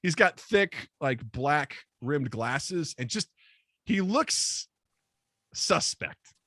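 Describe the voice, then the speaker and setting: A man telling a comedic personal story in casual podcast chat, animated and self-deprecating, acting out the people he quotes. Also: on the high side, very slow, no room sound.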